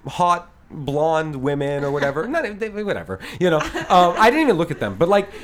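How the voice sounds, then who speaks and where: A man's voice: a little high, big pitch swings, normal speed, a crowd in the background. A man in his thirties hosting a casual podcast chat, telling rambling stories broken up by laughs. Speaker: podcast host.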